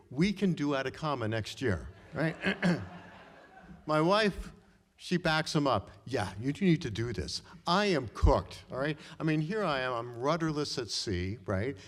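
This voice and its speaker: A middle-aged man telling a personal story live on stage, talking conversationally and often tagging his sentences with "right?" and clearing his throat. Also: mid-range voice. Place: stage in a hall before an audience. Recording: long reverb of a hall.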